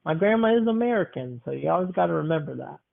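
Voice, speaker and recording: A man's voice: on the high side, expressive, creaky, a little hiss or hum. A young man hosting a casual podcast, playfully asking his grandmother questions. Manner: playful, asks quick questions. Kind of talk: casual chat. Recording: tinny phone-like sound.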